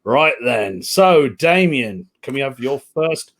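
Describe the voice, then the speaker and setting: A man's voice: medium pitch, very animated, takes it slowly, a bit bright. A man hosting an online pun contest over a video call, laid-back and laughing between turns. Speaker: host.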